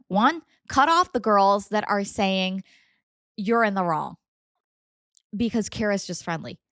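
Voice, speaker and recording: A young adult woman hosting a podcast, reading stories aloud and reacting with animated, indignant, dramatic commentary. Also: medium pitch, dry recording, clean studio sound. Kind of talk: casual story reading and commentary.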